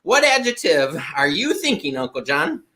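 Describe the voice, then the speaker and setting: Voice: mid-range voice, big pitch swings, normal speed, sharp tone. A performer voicing a silly, playful puppet who hosts a kids' show and sings bouncy, giggly word games. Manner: bouncy, giggly, sing-song.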